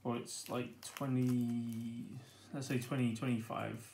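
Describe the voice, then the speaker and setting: Slow, gravelly British man unboxing. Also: medium pitch, slight background noise. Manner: chatty and easily excited, laughing to himself. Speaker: board game unboxing host. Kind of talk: casual unboxing commentary.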